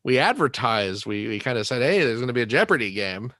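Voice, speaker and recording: A man's voice: medium pitch, big pitch swings, fast talker, a bit bright, no echo, clean studio sound. A man co-hosting a casual podcast, wry and teasing, often trailing off and restarting. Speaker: podcast co-host.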